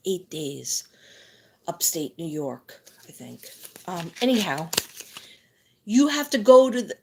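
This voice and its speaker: A woman doing a psychic tarot reading live, talking in a rambling, chatty way with lots of fillers. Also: mid-range voice.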